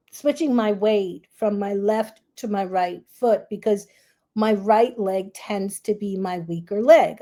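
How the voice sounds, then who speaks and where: Slow, mellow-voiced woman telling a story. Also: medium pitch. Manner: calm, reflective, acts out her own fearful self-talk. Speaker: grief relief coach and host. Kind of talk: personal storytelling.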